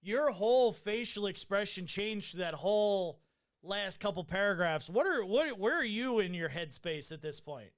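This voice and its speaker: A man's voice: high voice, lively intonation, normal speed. A man hosting a podcast, casually recounting a medical call in a loose, profane way with many fillers. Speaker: podcast host.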